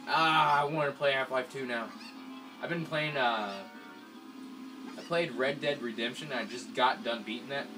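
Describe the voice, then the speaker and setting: Excitable man over loud game music. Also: medium pitch. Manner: excitable, swings from mumbling to yelling. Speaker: let's play commentator. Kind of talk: casual gameplay commentary.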